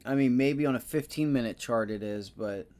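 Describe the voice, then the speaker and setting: A man hosting a live day-trading stream, talking casually and loosely, giving hyped shout-outs to viewers. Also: mid-range voice, moderate pace. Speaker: day-trading livestream host.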